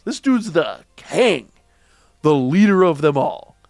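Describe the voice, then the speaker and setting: A man hosting a casual manga reaction review, excitable, slangy and emphatic. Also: fairly high pitch, slow pace, gravelly, dry recording, clean studio sound.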